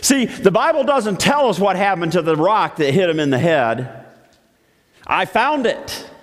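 A man's voice: high-pitched, expressive, moderate pace. A man preaching a sermon, telling the story in a playful, joking way. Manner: playful, jokey. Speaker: pastor. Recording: echoey hall.

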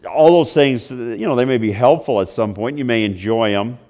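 A male pastor preaching a sermon, swinging from loud declarations to hushed, slow storytelling. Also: mid-range voice.

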